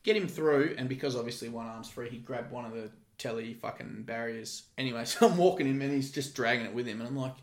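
Gravelly swearing storyteller man. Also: mid-range voice, fast talker, hardly any pauses, echoey room. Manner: swears freely, animated storyteller. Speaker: guest, former security guard. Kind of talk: casual podcast chat.

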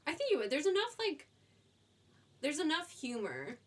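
A woman co-hosting a casual podcast chat, talking excitedly about favorite films and laughing at herself. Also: sits high, normal speed. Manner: enthusiastic, chatty, laughs at herself. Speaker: podcast co-host. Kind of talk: casual chat recommending movies.

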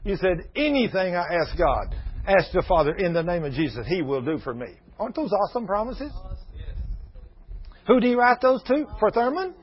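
A man's voice: high voice, sing-song, normal speed, husky. An older man, preaching a sermon in a folksy storytelling manner, acting out the people in his stories. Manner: folksy storytelling with quoted voices. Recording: dull lo-fi radio broadcast.

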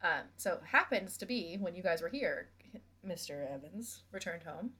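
A woman's voice: lowish voice, animated, moderate pace, sharp tone, breathy edge. A young woman co-hosting a podcast in casual chat, blunt and teasing, with plenty of swearing. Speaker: podcast co-host.

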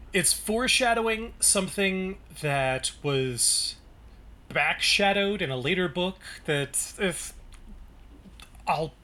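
Bright-voiced man reading and chatting. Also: a little high. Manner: reads narration then breaks off to comment, with chatty restarts. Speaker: podcast co-host reading a novel aloud. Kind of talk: casual book-discussion podcast, reading passages aloud.

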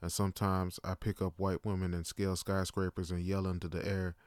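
A man voicing a giant, boastful woman who brags in slow, booming boasts. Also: level tone, darkish tone, clean tone, dry recording, studio quality, natural voice.

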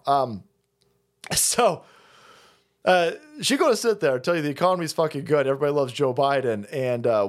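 A man hosting a livestream, ranting in a casual, profane and sarcastic way and laughing often. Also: medium pitch. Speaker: livestream host. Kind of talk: casual political rant.

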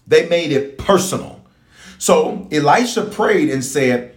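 A man's voice: a little high, slow, echoey room. A man preaching a sermon as a bishop, teaching and praying and repeating phrases for emphasis. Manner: animated preaching, repeats phrases for emphasis, talks to online viewers. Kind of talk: live-streamed sermon and prayer.

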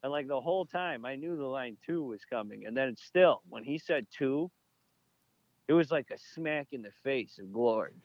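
A man co-hosting a podcast, telling stories in an animated, excitable way and laughing often. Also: mid-range voice, normal speed, dry recording, muffled recording. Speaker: podcast co-host. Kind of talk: casual chat.

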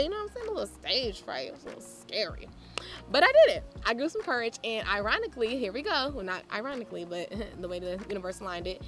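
A woman podcast host telling stories in a casual, animated way, laughing and acting out conversations. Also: mid-range voice. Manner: animated, laughing, acts out quoted exchanges. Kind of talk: casual storytelling monologue.

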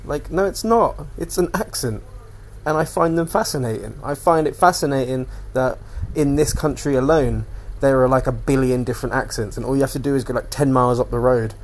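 A man's voice: mid-range voice, brisk, slight background noise. Rambling young man, casual solo chat. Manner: rambling, swears freely, jumps between topics. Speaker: podcast host.

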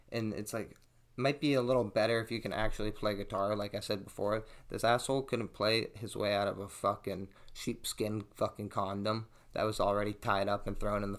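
Profane man telling a wild story. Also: on the low side. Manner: profane, animated storytelling, acts out quotes. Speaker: podcast host. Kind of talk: casual storytelling.

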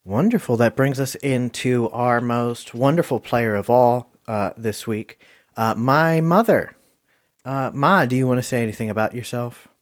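A man's voice: mid-range voice, moderate pace, no room sound. Sex: man. Role: podcast host. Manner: filler-heavy, dry sound. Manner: frequent "uh" fillers, loose and joking. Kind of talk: casual podcast hosting.

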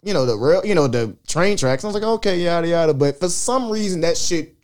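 Young guy on a podcast, kinda high voice, super animated, swears a lot telling stories. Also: a little fast. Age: 20s. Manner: animated, profane storytelling with loud quoted outbursts. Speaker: podcast co-host. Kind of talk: casual storytelling chat.

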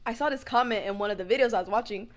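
A woman's voice: on the high side, very fast. Chatty young woman, filler-heavy storytelling. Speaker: podcast co-host. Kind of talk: casual chat.

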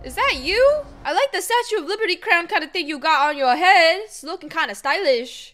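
Excitable young woman reacting to a movie. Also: very high voice, fairly quick, hardly any pauses, soft background music. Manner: excitable, chatty, slangy, gasps and laughs often. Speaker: host reacting to a film. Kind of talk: casual movie reaction commentary.

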